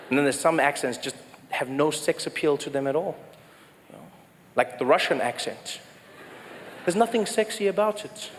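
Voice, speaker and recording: A man doing live stand-up comedy, talking playfully and making quick asides to the crowd. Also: mid-range voice, fairly bright tone. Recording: echoey hall with background noise.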